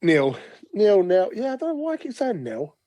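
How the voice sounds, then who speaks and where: A man co-hosts a casual podcast, laid-back and quick with a joke. His voice sits a little higher than most men's. The recording is close and dry. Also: wildly swooping pitch, a little mellow, dry recording, highs cut off. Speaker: podcast co-host. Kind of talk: casual chat.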